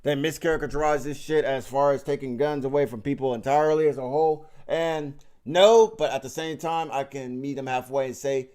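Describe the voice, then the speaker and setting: Medium in pitch, steady, and somewhat dark yet clean, this male vlog host speaks at a normal speed with few pauses. His profane political rant is emphatic and mocking, full of swearing, rambling, restarts, and fillers.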